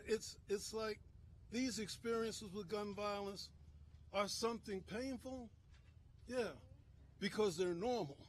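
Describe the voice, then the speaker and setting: A man with a notably high voice speaks as a minister at an outdoor press conference. His delivery is impassioned, swinging between near-shouts and quiet, heavy phrases. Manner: impassioned, rising to shouts and dropping low. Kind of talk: emotional speech at a press conference.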